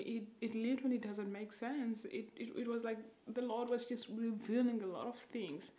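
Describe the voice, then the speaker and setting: A woman vlogger telling an emotional personal faith testimony, halting and sometimes dropping to a whisper. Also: fairly high pitch, mellow, echoey room.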